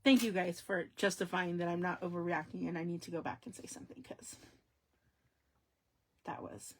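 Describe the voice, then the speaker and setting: A woman hosting a casual crafting live stream, talking straight to her viewers with sudden loud exclamations and hushed asides. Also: lowish voice, moderate pace, slight background noise.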